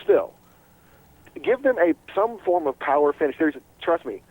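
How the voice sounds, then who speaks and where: A man's voice: a little high, moderate pace, no echo, rough recording. A man hosting a casual sports radio talk show, rambling and full of restarts. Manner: animated and rambling, with many restarts.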